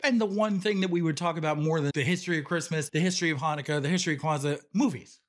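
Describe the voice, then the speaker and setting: A man co-hosting a podcast in casual comedic chat, campy and bubbly, with quick quips. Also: a little high. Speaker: podcast co-host.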